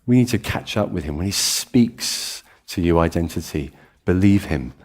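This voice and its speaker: A British pastor preaching to his congregation in a church room. His voice sits a little low, and he tells stories with animated swings and touches of self-deprecating humour. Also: normal speed. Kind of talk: sermon.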